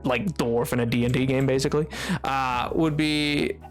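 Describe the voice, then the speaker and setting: A man's voice: medium pitch, fairly even intonation, moderate pace, faint music behind. A young man streaming a game, chatting casually and rambling with many fillers. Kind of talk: casual live-stream chat.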